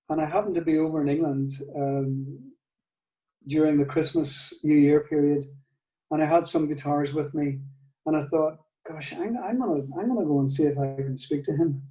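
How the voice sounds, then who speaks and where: Older Northern Irish man, mellow, echoey. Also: a little high, fairly even intonation, normal speed, recorded from a distance. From Northern Ireland. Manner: hesitant, many restarts and soft laughs. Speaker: guitar maker, guest. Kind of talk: casual storytelling interview.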